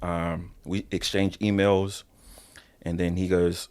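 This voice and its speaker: A man tells his wrestling stories in a relaxed interview. His voice sits fairly low, and he talks in loose slang, swearing freely and calling people "bro.". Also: slow pace, smooth. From New Zealand. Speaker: professional wrestler, podcast guest. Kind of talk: casual interview storytelling.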